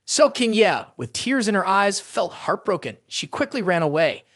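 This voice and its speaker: A narrator reading a scripted story recap in a brisk, even storytelling manner. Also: medium pitch, no echo, clean studio sound.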